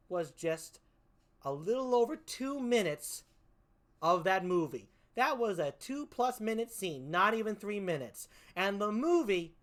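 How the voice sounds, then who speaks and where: A woman's voice: mid-range voice, a bit bright. A woman comedian doing a stand-up routine, profane, exasperated and mocking as she picks apart a film.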